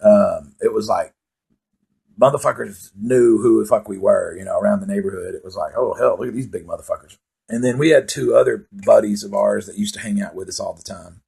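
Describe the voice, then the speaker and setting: Gravelly husky man telling stories. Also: lowish voice, a little fast, warm tone. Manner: profane, rambling, laid-back storytelling with laughs. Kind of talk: casual storytelling monologue.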